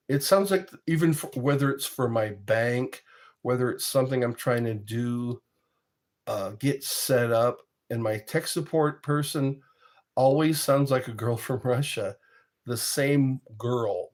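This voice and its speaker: Slow-talking, chuckling man vlogger. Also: mid-range voice. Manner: rambling, chuckling, self-interrupting. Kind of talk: casual storytelling monologue.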